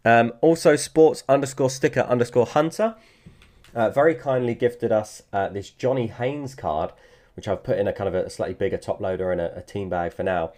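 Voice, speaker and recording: Man, slightly low voice, chatty collector vlogger, loose and rambling delivery. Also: fairly quick, darkish tone. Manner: rambling, repeats words, hesitant fillers. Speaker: sports card collector vlogger. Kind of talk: casual chat.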